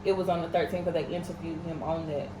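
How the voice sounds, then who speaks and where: A woman's voice: deep voice, fairly even intonation, fast, roomy sound, background noise. A young woman co-hosting a podcast, speaking in an earnest, emotional and casual way. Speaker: podcast co-host.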